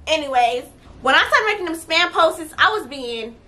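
A young woman tells a storytime vlog in a high, bright voice. She talks bluntly and with plenty of swearing, animated, jumping from quiet asides to loud bursts. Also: moderate pace. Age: young adult. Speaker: vlogger.

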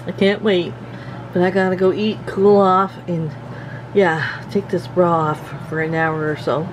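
A woman's voice: on the low side, flat delivery, unhurried, a little hiss or hum, rough recording. A middle-aged woman from Canada hosting a casual vlog, giggling often and talking to her viewers like friends. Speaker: vlog host.

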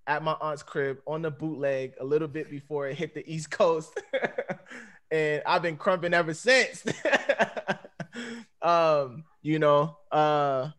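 A man's voice: a little high, fairly even intonation, slow pace, long pauses, fairly bright tone. A man in his thirties talking casually on a panel over a video call, rambling and laid-back and laughing often. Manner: laid-back, rambling, peppered with "you know what I'm saying". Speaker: dancer on a panel.

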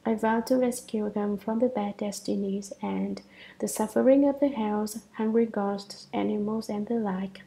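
A woman reads a Buddhist sutra commentary aloud, taking it at a measured, deliberate pace. Her voice is dark and mellow, with a steady gravelly fry running through it. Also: mid-range voice, low-quality recording.

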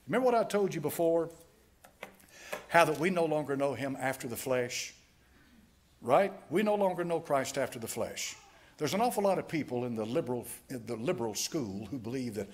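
Husky, lively-voiced male pastor preaching. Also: medium pitch, normal speed. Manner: emphatic preaching, reading scripture aloud in King James wording. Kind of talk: Bible-teaching sermon. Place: church sanctuary, Sunday school class.

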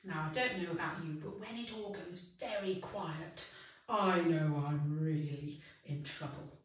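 A woman leading a children's singing session, explaining in a lively way between sung lines. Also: low voice, a little slow, distant mic. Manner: expressive, alternating spoken instructions with sung lines. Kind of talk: leading a children's sing-along. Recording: echoey room, voice slightly off-mic.

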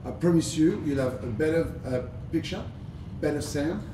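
A man from France with a French accent, hosting a live cooking demonstration in a chatty, playful way with plenty of fillers. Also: moderate pace. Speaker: chef hosting a cooking livestream. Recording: echoey room, distant mic, low rumble.

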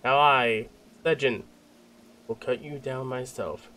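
A man's voice: medium pitch, steady tone, slow pace, pushed and bright. A man reading game dialogue aloud as a stern, vengeful male fish-folk guard, in an accusing, dramatic way.

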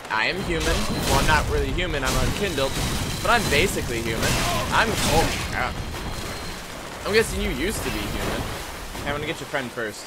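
A young man giving casual, excitable commentary while playing a video game, yelping at enemies and joking to himself. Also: fairly high pitch, brisk. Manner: excitable, yelps and jokes at enemies. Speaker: let's play gamer. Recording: loud background noise.

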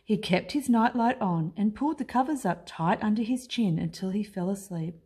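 A woman teacher reading a children's picture book aloud in an expressive, unhurried way. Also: medium pitch, breathy edge. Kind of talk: storybook read-aloud.

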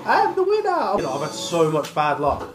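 A man playing a party video game, complaining loudly and swearing nonstop. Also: on the high side, wildly swooping pitch, brisk, reverberant, loud music behind the voice. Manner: frustrated, swears constantly. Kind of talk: casual gaming commentary.

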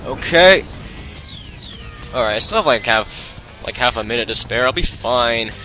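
A man's voice: medium pitch, normal speed, faint music behind, rough recording. A man giving live gameplay commentary, talking to himself and poking fun at his own mistakes. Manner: talks to himself, self-mocking and excitable. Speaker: let's play commentator.

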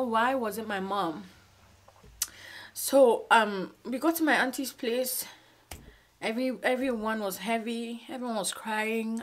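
Tearful woman in her twenties. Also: a little high. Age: 20s. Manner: halting, emotional, fighting back tears. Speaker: vlogger. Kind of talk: personal storytime vlog. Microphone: phone camera.

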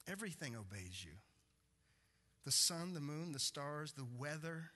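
A man's voice: fairly high pitch, big pitch swings, unhurried, sharp tone. A man, a pastor preaching a conversational sermon full of stories and restarts. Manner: conversational storytelling with repeated restarts.

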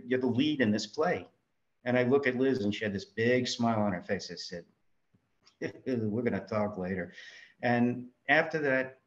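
A man from New York, a filmmaker, telling lively anecdotes in an interview and acting out the voices he quotes. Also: medium pitch. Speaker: guest filmmaker. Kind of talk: storytelling interview answers. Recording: dull lo-fi audio.

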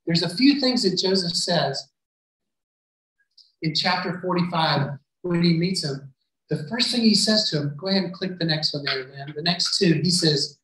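A man's voice: fairly high pitch, moderate pace, sharp tone. Male preacher in a very echoey hall. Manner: storytelling, acts out the characters' lines. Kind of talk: sermon retelling a Bible story. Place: church hall. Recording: very echoey hall, voice far from mic.

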